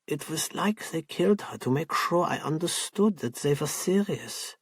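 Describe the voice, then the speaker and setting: Man reading a scared quiet woman, hesitant, low-key husky voice. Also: animated, normal speed, no echo, clean studio sound. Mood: subdued fearful. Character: frightened lonely woman, quiet and subdued.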